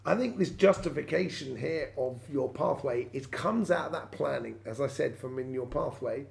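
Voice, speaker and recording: A man's voice: medium pitch, moderate pace, vocal fry, a little mellow. A man giving a weekly tarot reading straight to his viewers, rambling with many fillers and restarts. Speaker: tarot reader.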